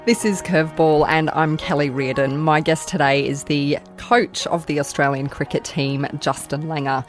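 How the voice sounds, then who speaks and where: Woman host asking questions, lowish voice, bit of soft music under it. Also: steady tone, normal speed. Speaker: podcast host. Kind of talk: interview questions.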